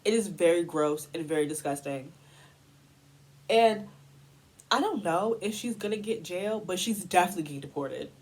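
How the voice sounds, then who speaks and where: A woman's voice: on the low side, lively intonation, normal speed, pauses often, a little hiss or hum, poor audio. A young woman from the United States delivering a heated, exasperated commentary rant as a vlogger.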